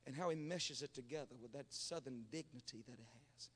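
A man's voice: a little high, moderate pace, a bit bright, in a large hall. A man preaching a Pentecostal revival sermon, telling stories and calling on the congregation to respond. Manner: storytelling preacher, calls on the congregation.

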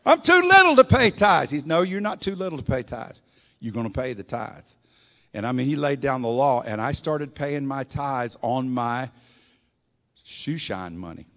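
An older man preaching a sermon, telling folksy stories and swinging between loud and soft. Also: mid-range voice, lively intonation, moderate pace. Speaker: pastor. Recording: long echoing hall reverb.

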